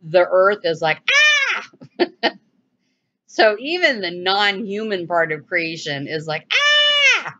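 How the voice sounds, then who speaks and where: A woman giving a casual, animated bible teaching, rambling with restarts and sudden exclamations. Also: fairly low pitch, slow pace, dull audio.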